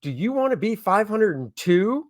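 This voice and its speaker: A man who makes comics, chatting excitedly with viewers on a casual crowdfunding livestream from home. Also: high-pitched, normal speed. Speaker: comic creator hosting a crowdfunding stream.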